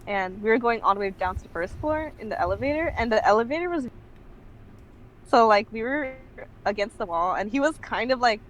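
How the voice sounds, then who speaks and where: A woman's voice: fairly high pitch, animated, brisk, poor audio. A young woman telling a casual story as a podcast guest, her talk full of "like". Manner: chatty, fills speech with "like".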